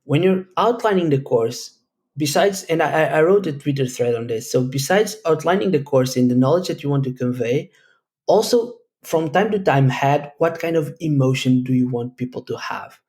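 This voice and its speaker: A man's voice: a little high, expressive, moderate pace, darkish tone. A man from Portugal, answering interview questions at length in a thoughtful, rambling way with frequent restarts. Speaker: guest, educator.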